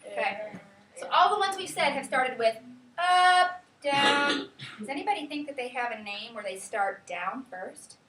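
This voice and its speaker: A woman teaching a class, leading students with lively, sing-song calls. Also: a little high, fairly quick, very noisy. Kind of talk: classroom lesson. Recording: echoey classroom from far off.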